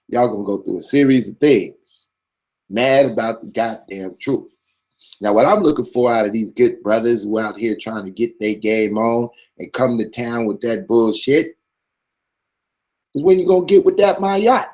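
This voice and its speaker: A man's voice: mid-range voice, normal speed, a little mellow. A man hosting his own channel, giving a blunt, profane, streetwise commentary monologue with a preachy swagger.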